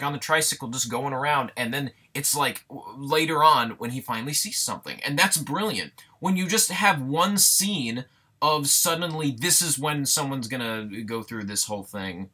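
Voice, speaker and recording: A young man reviews a film in a loose, ranting way. He sounds fed up and sarcastic and swears freely. His voice is bright and forceful at an ordinary male pitch. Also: breathy edge. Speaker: movie reviewer.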